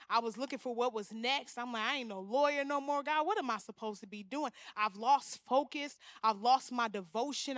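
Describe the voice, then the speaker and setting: Lady in her 30s preaching, tells funny stories, keeps saying y'all, high voice, dry mic. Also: dry recording. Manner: animated, humorous, talks to the crowd as "y'all". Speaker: guest speaker at church. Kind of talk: storytelling sermon. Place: church.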